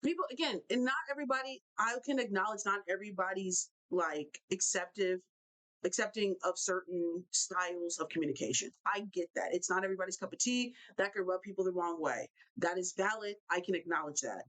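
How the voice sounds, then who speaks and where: A young woman hosting a live basketball talk show, ranting in an animated way and repeating herself for emphasis. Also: mid-range voice, a little fast, rough recording. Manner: animated, repetitive, fired-up ranting. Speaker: show host.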